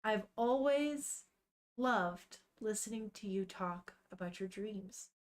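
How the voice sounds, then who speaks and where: A small devil dog speaks softly and slowly, as a woman reads his lines in her everyday voice. The voice sits at a middling pitch with nothing harsh in it. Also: animated. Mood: gentle.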